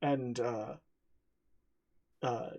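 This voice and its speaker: A man running a tabletop game as game master, speaking haltingly with many fillers and frequent laughter. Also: medium pitch, fairly even intonation, dark tone, dull audio.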